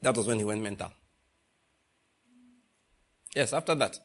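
A man's voice: lowish voice, lively intonation, a little slow. A man preaching a sermon, asking the congregation rhetorical questions and repeating phrases for emphasis.

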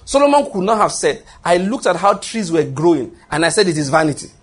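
A man's voice: high voice, fairly quick, breathy edge. A man preaching a sermon, emphatic and repetitive, often restarting his phrases.

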